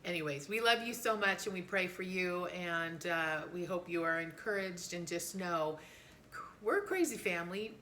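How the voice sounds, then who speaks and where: A middle-aged woman co-hosting a family podcast, telling a story in a casual, animated way and jumping high when she quotes people. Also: normal speed, a little hiss or hum. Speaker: podcast co-host.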